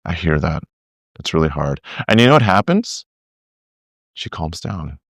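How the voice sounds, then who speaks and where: On a conversational podcast about discipleship, a middle-aged guest who teaches the subject speaks in a very deep voice at a slightly slow pace. He's an animated storyteller who voices other people's words and frequently starts his sentences over. The recording is dry and studio-clean.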